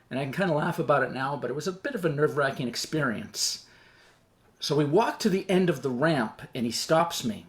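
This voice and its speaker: A man telling a personal story on stage in an animated, self-deprecating way, acting out the dialogue as he goes. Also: fairly high pitch, brisk.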